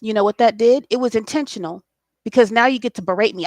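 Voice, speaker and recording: A woman's voice: on the high side, quick pace, darkish tone, no room sound, clean studio sound. A woman, hosting a spiritual late-night talk in an impassioned, preachy way and swearing freely. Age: 40s. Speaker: spiritual host.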